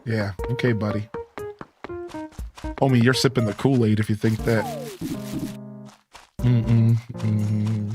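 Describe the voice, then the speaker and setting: A male game streamer chatting casually with his live viewers, relaxed and rambling with lots of "like" and "you know", his voice still a bit worn. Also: fairly low pitch, slow, long pauses, music in the background.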